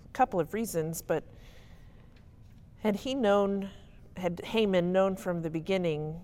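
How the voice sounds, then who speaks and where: Woman leading a bible study, lowish voice, chatty and emphatic, keeps asking "right?". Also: darkish tone. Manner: conversational and emphatic, often checking in with listeners. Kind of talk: casual teaching talk.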